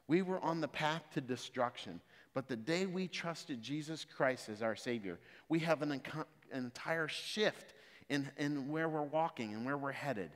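A man preaching a sermon, moving from calm explanation of scripture to loud, emphatic exhortation. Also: mid-range voice. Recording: reverberant hall.

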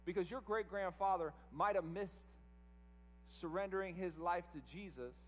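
High-voiced man preaching in a reverberant church. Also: moderate pace, soft background music. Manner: emphatic, rhetorical questions to the congregation. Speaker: pastor. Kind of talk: sermon. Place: church service.

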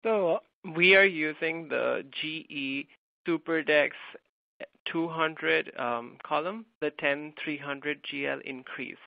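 Gravelly man answering over a tinny line. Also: on the high side, takes it slowly, no echo. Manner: hesitant, many fillers. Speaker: graduate student answering questions. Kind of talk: live Q&A answers. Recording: tinny phone-like line, dry.

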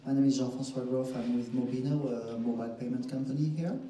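A man in the audience politely asking a measured question of a minister at a forum. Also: mid-range voice, steady tone, mellow. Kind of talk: formal question from the floor. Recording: very echoey hall, distant mic, faint noise.

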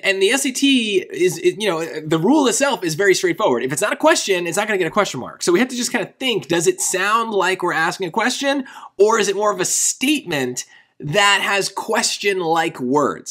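High-voiced male tutor. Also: animated, brisk, fairly bright tone. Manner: conversational, rephrases often, asks "right?" for agreement. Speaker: SAT tutor. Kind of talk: explaining a test question.

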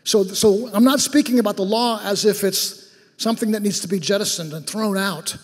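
In a church with long hall reverb, a male pastor preaches a sermon that begins like a conversational story and builds into fervent exhortation. His voice sits high with a breathy edge, at a moderate pace.

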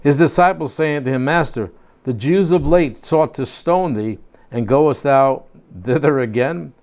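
A man's voice: mid-range voice, a little slow, darkish tone. An older man teaching a home Bible study, reading scripture aloud and then explaining it in plain, casual asides.

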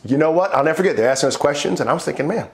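Animated male pastor preaching. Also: a little high, very fast. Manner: animated, acts out voices in his stories, laughs often; builds to rousing praise. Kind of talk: sermon with personal storytelling. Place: church online worship service.

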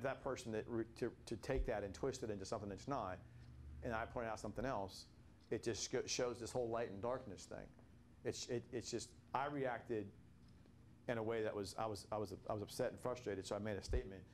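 A man's voice: lowish voice, darkish tone, a little hiss or hum. An older man leading a casual Bible study reflection, telling stories in a rambling way with many restarts.

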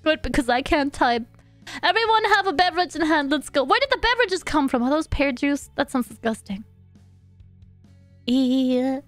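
A woman's voice: sits high, very animated, moderate pace, no room sound, soft background music. A young woman streaming a life-sim game, chatting playfully with her chat, giggling and babbling along to the game's sounds. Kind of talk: casual live-stream gameplay chat.

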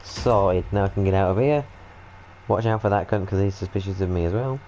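A young British man commentating on his gameplay in a lowish voice, excitable and full of swearing and jokes. He jumps from mutters to yelps as the game goes wrong, with faint background noise behind him. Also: brisk, low-quality recording. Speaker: gaming video host. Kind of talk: let's-play commentary.

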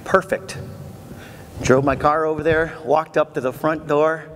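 High-voiced energetic man in a big hall. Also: a little slow. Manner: energetic, animated storytelling with audience call-and-response. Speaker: motivational keynote speaker. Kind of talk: motivational keynote speech. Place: large convention hall. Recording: echoey convention hall, faint noise.

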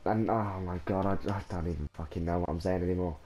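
A man's voice: sits low, steady tone, quick pace, dark tone. A young Irish man in his teens talking to camera in a casual vlog, overwhelmed and rambling, with restarts and sighs. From Ireland. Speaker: gaming vlogger.

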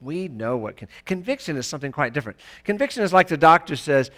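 A man preaching a sermon in a church, emphatic and rising to loud exclamations. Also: on the high side, sing-song, fast talker. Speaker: pastor.

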